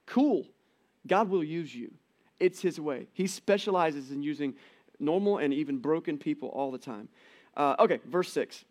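A man preaching a sermon to his church in a conversational, animated way, with jokey asides. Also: a little high, moderate pace. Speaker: pastor.

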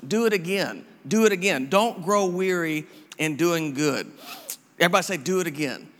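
A man preaching to his congregation in a loose, encouraging way, circling back and repeating himself. His voice sits a little high for a man, and it rings out with a long echo in a church hall. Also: moderate pace, a bit bright. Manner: casual, repetitive, encouraging preaching with many restarts. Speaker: pastor. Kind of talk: sermon.

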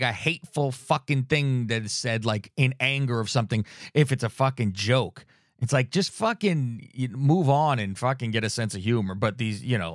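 A man's voice: medium pitch, no echo, clean studio sound. A man co-hosting a podcast in casual chat, blunt and swearing in nearly every sentence. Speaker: podcast co-host.

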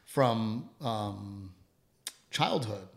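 A middle-aged man co-hosting a casual chat show, talking in an animated way, acting out quotes and swearing freely. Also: lowish voice, extremely slow, gravelly. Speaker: podcast co-host.

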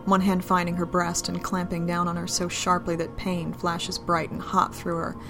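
A woman reading an adult romance story aloud in a low, intimate, steady manner. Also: normal speed, over music. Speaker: narrator.

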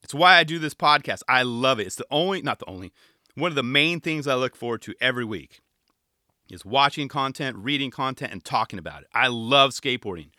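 A man hosting a podcast in casual, rambling chat, animated and self-deprecating. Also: mid-range voice, brisk, no echo, clean studio sound. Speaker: podcast host.

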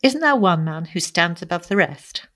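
A woman voicing a shabby young man back from years abroad, rueful and clipped in his replies. The voice sits fairly low and plain, read as a storybook character without much change from the reader. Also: animated, normal speed, a bit bright. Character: weary shabby young man, bitter wanderer. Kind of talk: audiobook character reading.

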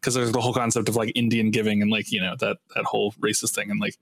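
A man's voice: fairly low pitch, little pitch movement, quick pace, creaky, no echo. A man in casual chat who thinks aloud and hedges his points with many "like"s. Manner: musing, hedging with many "like"s.

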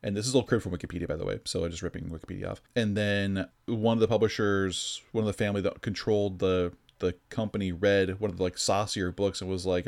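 A man's voice: deep voice, fairly even intonation, fast, creaky, few pauses. A man hosting a podcast, talking in a loose, rambling way and peppering his sentences with "like". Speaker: podcast host. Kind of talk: casual podcast chat.

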